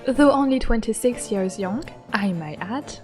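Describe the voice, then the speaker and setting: A woman's voice: fairly high pitch, expressive, a little slow, soft background music. A woman voicing an elegant young French museum owner with a put-on French accent. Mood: poised.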